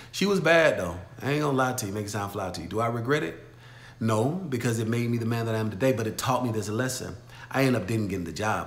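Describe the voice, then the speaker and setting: A man hosting a motivational livestream Q&A, talking emphatically, swinging from loud exhortation to low storytelling. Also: roomy sound. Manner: emphatic, preachy, shifts from shouting to low storytelling. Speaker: livestream host answering viewer questions.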